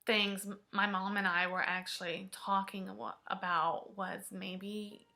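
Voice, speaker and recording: A woman vlogger telling a personal story in an emotional, halting way, sometimes dropping to a hush. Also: mid-range voice, level tone, vocal fry, faint music behind.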